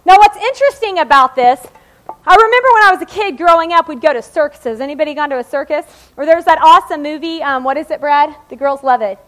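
A woman's voice: sits high, fast talker, fairly bright tone. A woman in her forties preaching a sermon in a chatty, joking way, often checking in with the congregation. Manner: conversational and joking, checks in with "okay?".

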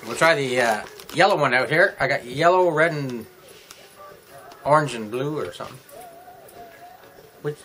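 Bright-voiced man rambling through a vlog. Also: a little high, expressive, slight background noise, poor audio. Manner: rambling, halting, chatty with himself. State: eating while talking. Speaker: vlogger reviewing beer and snacks. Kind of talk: casual vlog.

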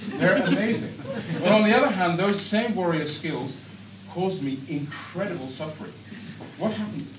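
A man telling a comic story on stage with animated, exaggerated delivery. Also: sits high, normal speed. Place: storytelling stage before a live audience. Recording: echoey hall from a far mic, audience noise.

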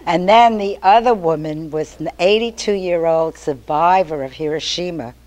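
A woman's voice: lowish voice, normal speed. An older woman giving a chatty, storytelling talk to an activist meeting. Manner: chatty, storytelling, animated quotes. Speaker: activist speaker.

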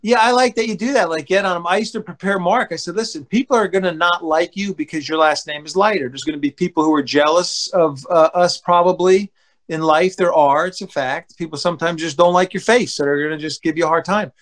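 A middle-aged man, a former pro baseball pitcher, telling stories in a casual interview in a blunt, animated way. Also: fairly quick. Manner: animated, acts out quotes with loud outbursts; blunt, plain-spoken.

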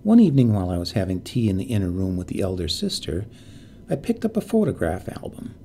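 A man narrating a quiet, creepy story in a measured, quietly suspenseful way. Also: sits low, wildly swooping pitch, a little hiss or hum.

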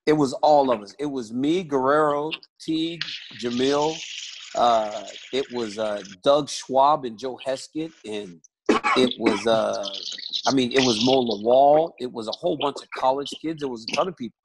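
A man's voice: medium pitch, moderate pace, background noise. A man, a podcast guest, telling stories in casual chat, emphatic and laughing, repeating his phrases.

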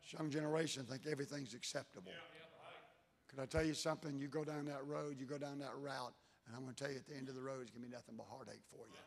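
A man preaching a sermon as pastor, folksy and emphatic, dropping to low intense tones. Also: steady tone, fast talker, gravelly. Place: church sanctuary. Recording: church hall reverb.

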